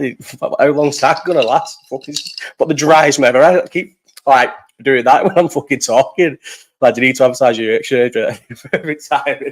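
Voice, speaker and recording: A young man in a loose live chat, rambling from one thing to the next, swearing freely and laughing a lot. His voice sits at an ordinary middle pitch, and he gets quick and excitable once he warms to a subject. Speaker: podcast co-host.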